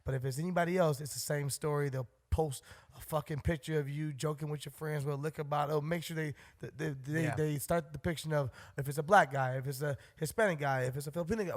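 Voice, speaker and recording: A man's voice: fairly high pitch, quick pace, few pauses. A man co-hosting a podcast, talking bluntly and heatedly in casual chat and swearing freely. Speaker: podcast co-host.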